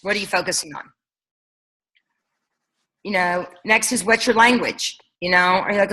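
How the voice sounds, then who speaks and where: A woman's voice: lowish voice, normal speed, long pauses, bright, forceful tone, rough recording. A woman coaching her team on a leadership call, talking casually and energetically, firing off rhetorical questions. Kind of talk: motivational coaching talk.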